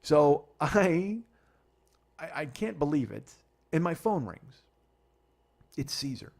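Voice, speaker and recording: A man's voice: a little high, big pitch swings, creaky, darkish tone, breathy edge. A man hosting a comedy podcast, telling a story in a profane, exasperated rant. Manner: profane, exasperated, fast rambling rants. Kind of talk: ranting comic storytelling monologue.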